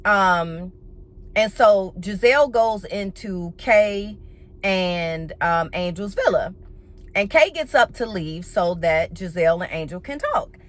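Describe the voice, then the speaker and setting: A woman with a medium-pitched voice and slow pace gives a casual, blunt and profane recap of a reality TV episode. She's animated and her talk is full of sassy, playful slang.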